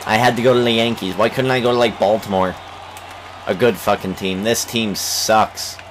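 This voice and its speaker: A young man giving let's play commentary on a baseball game, swearing and shouting in frustration at his team. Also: lowish voice, steady tone, moderate pace, noisy background. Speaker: gaming channel host.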